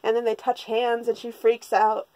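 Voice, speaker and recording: A woman's voice: a little high, monotone, normal speed, warm tone, no echo, low-quality recording. A woman recapping a manga in a casual, rambling way, sarcastic and full of swearing. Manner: sarcastic and profane, rambling with restarts. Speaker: manga reviewer.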